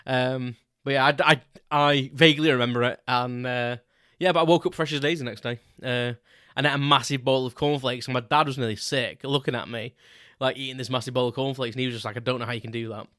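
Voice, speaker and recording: Bright-voiced British man telling a story. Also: mid-range voice, fairly even intonation, brisk, clear, resonant tone, no echo, studio quality. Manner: chatty, rambling anecdote with casual swearing. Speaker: podcast host. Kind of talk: casual solo storytelling.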